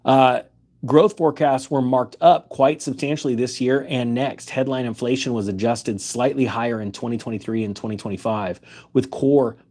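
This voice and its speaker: Mid-pitched man hosting a finance commentary show; reads headlines and picks them apart with pointed questions. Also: steady tone, normal speed, darkish tone. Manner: skeptical, emphatic rhetorical questions. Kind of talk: opinionated commentary reading news aloud.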